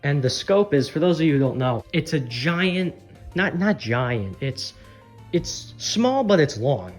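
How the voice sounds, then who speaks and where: A man's voice: on the high side, big pitch swings, unhurried, faint music behind. A man rambling candidly in a casual vlog, swearing often, his voice strained. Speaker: channel creator.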